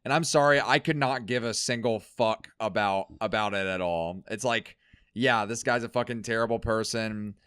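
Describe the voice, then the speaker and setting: A young man co-hosting a podcast, ranting in casual chat with lots of swearing and sudden loud, high bursts. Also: moderate pace, clean tone, no echo, clean studio sound. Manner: ranting, heavy swearing, swings loud and high when worked up. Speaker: podcast co-host.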